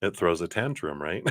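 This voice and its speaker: A man giving a live tarot card reading in a relaxed, chatty way, often laughing. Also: lowish voice, no echo.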